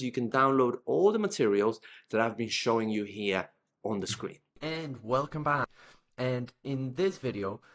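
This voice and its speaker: Man teaching academic writing, checking in often. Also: medium pitch. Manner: explanatory, frequent tag questions and fillers. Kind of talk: recorded online course lecture.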